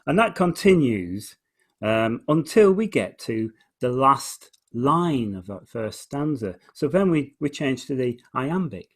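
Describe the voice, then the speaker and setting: A man talking through the form of a poem in a relaxed conversation, hesitant and full of restarts, slowing right down whenever he reads lines aloud. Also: medium pitch, husky. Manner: hesitant, with many restarts, slows right down when reading verse aloud. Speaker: guest discussing poetry. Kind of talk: relaxed conversation, explaining verse.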